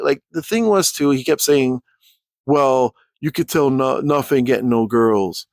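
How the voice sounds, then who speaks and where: A man's voice: medium pitch, a little slow, no echo. A man telling a rambling, profane storytime rant as a YouTuber.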